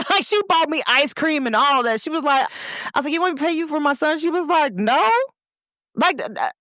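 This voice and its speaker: A woman from Cincinnati hosting her own show, talking casually and warmly to viewers, repeating points and calling them "y'all". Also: a little high, dry recording, studio quality. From Cincinnati, Ohio. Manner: lively, repetitive, speaks directly to listeners with "y'all". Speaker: host. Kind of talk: casual motivational talk to viewers.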